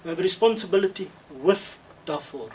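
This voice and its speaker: Higher-voiced man, distant mic. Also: a little mellow, a little hiss or hum. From South Africa. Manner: measured, thoughtful, with frequent restarts and emphatic repetition. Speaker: webinar speaker answering questions. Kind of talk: Q&A answers in an online webinar. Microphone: video call.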